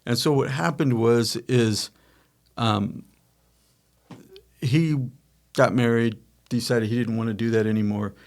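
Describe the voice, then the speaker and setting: A man's voice: medium pitch, steady tone, unhurried, pauses often. A middle-aged man hosting a podcast, telling a family business story in a rambling, self-correcting way and acting out quoted dialogue. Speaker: podcast host, company founder. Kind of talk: casual storytelling chat.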